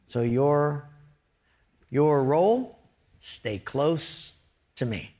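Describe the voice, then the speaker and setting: A man voicing God as a calm, reassuring presence. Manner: slow, soft, low. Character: calm deep divine male voice, reassuring.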